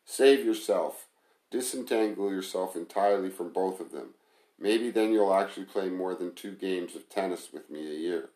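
A man's voice: deep voice, moderate pace, warm tone, echoey room, close to an everyday voice, rough recording. A man doing a scornful bossy chef. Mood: teasing. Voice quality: contemptuous, bossy and blunt. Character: scornful, brash male restaurant manager and chef.

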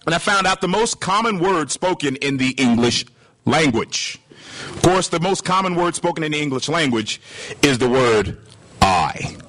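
A man's voice: a little high, normal speed, poor audio. A man preaching a sermon, telling stories and acting out the dialogue, often asking the congregation questions. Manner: animated storytelling, acting out dialogue. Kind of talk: sermon with told anecdotes.

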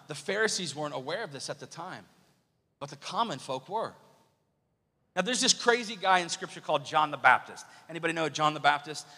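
A man preaching a sermon as pastor, lively and questioning the congregation. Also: on the high side, slightly rough. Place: church sanctuary. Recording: long church hall reverb.

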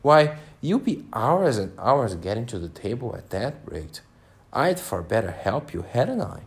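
A curious, polite young girl from a storybook, read by a man in a gentle, lightly lifted voice. The voice has a gravelly edge and moves up and down freely. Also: mid-range voice, big pitch swings, measured pace, heavily acted. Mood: helpful.

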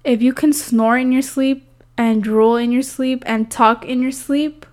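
A woman's voice: high voice, steady tone, a little slow, darkish tone. A young woman co-hosting a casual podcast, teasing and questioning playfully. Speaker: podcast co-host. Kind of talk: casual chat.

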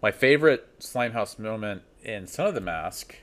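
A man's voice: on the low side, animated, moderate pace, fairly bright tone. A man on a film podcast, casually retelling scenes he remembers. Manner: storytelling, recounting scenes. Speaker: podcast co-host.

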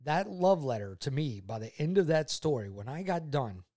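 A man's voice: fairly high pitch, sing-song, normal speed. Earnest father sharing his faith. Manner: earnest and heartfelt, repeats himself, drops soft when moved. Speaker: father talking with his daughter. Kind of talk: personal faith testimony.

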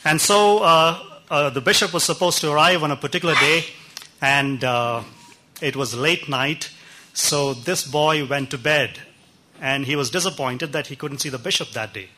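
A man preaching a sermon, telling anecdotes in an unhurried, conversational way with frequent pauses and fillers. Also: on the high side, sharp tone. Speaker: pastor. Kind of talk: sermon storytelling.

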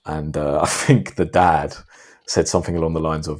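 A man hosting a podcast, telling a long story in a rambling, animated way. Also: rumbling low, normal speed. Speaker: podcast host. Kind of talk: casual podcast chat.

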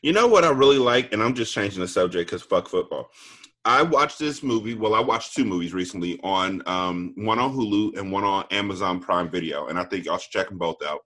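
A man's voice: low-pitched, a little fast, fairly bright tone. A man co-hosting a podcast, chatting casually and recommending things with enthusiasm. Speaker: podcast co-host. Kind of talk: casual chat.

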